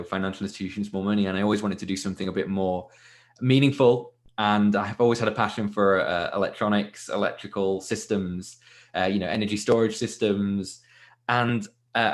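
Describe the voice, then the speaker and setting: A man in his twenties from Leeds, a tech founder talking casually as a podcast guest, laughing easily. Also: lowish voice. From Leeds, England. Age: 20s. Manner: casual, many fillers and restarts, laughs easily. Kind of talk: podcast interview.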